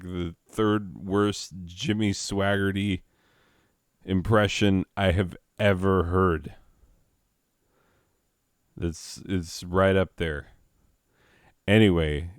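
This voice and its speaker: A male host who banters in an exasperated, sarcastic way. He has a lowish voice, an unhurried pace, and a dry, close sound. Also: smooth, no room sound. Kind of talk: comedic banter.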